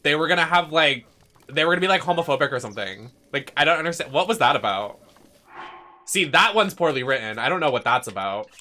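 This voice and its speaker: A young man chats casually while streaming a game, his voice piercingly bright and a little high. He rants dramatically and swears freely, jumping from loud outbursts to low grumbling. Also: lively intonation, quick pace. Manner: dramatic, swears a lot, swings from shouting to muttering. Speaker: streamer playing a video game. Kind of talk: casual rant while gaming.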